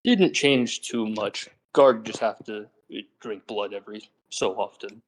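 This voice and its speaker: A friendly, plain-spoken male ogre, voiced by a tabletop player who always talks about himself in the third person with broken grammar. The pitch stays middling and the voice sits close to an everyday speaking voice. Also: measured pace, natural voice, low-quality recording.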